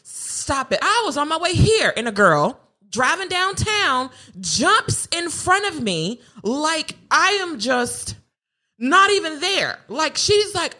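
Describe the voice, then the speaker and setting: A woman's voice: high-pitched, slow pace. A woman, co-hosting a podcast and ranting through comic stories. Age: 30s. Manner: animated, ranting storytelling. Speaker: podcast co-host. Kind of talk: casual comedic chat.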